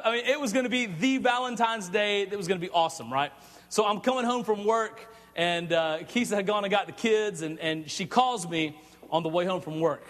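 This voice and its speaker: High-voiced preacher in a hall. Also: male voice. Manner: animated, chatty, stumbles and repeats words. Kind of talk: storytelling sermon. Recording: long reverb of a large hall.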